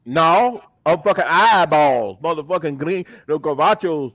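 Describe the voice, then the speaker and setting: A man's voice: fairly high pitch, a little slow, a bit bright, no room sound. A man chatting as a guest on a live podcast, joking and swearing, slipping into fluent Spanish. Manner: laughing, profane banter. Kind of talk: casual chat.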